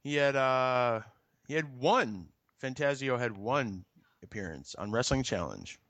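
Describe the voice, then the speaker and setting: A man co-hosting a wrestling podcast, laughing easily and talking in halting bits. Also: medium pitch, animated, a bit bright, dry recording. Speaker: podcast co-host. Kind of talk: casual chat.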